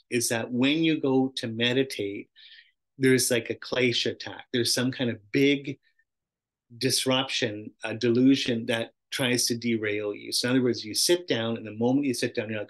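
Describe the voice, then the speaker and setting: A man's voice: medium pitch, fairly even intonation, normal speed, a bit bright. A middle-aged man teaching a casual meditation class, chatty and self-interrupting, often laughing and acting out little voices. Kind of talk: casual dharma talk.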